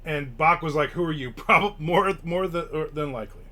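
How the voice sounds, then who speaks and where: Male host, sarcastic, foul-mouthed, forceful tone. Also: fairly high pitch, expressive, moderate pace. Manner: profane, sarcastic grumbling. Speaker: podcast host. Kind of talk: casual live-stream chat.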